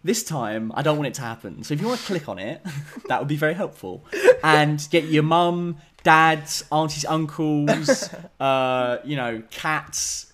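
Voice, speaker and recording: A man's voice: a little high, fairly bright tone. A man hosting a casual podcast, laughing often and telling stories with animation. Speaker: podcast host.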